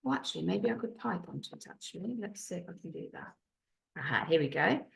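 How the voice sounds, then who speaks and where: A low-voiced woman leads a recorded video lesson for young pupils. Her delivery is clear and patient, with slight gravel, and her French words are pronounced carefully. She sounds middle-aged. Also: animated, fairly quick. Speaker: primary school French teacher.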